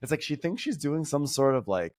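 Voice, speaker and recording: A man guesting on a podcast, chatting about reality TV in an animated, opinionated way and mimicking people he quotes. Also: a little high, fairly quick. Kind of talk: casual pop-culture chat.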